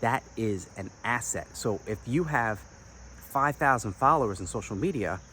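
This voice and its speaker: Man, business coach, energetic, chatty, salesy, mid-range pitch. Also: normal speed, slight background noise. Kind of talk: direct-to-camera advice talk.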